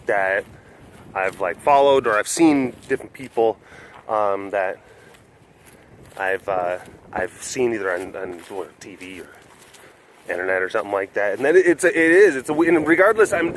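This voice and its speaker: Guy vlogging outside at an animal sanctuary, rambly and giggly, mid pitch voice, a bit of faint background noise. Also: fairly bright tone. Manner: rambling, chuckling often, restarts sentences. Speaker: vlogger at a big cat facility. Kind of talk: casual walking vlog.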